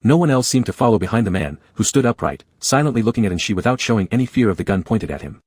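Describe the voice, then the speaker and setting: Male audiobook narrator, low and husky, dry close sound, steady delivery. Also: fast talker, dry recording. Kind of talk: scripted narration.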